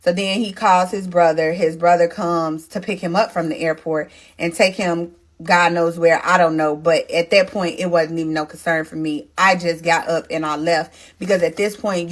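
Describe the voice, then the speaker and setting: A woman vlogger narrating a personal story to her viewers in a casual, emotional, animated way, often talking to them directly. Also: fairly low pitch, moderate pace, hardly any pauses.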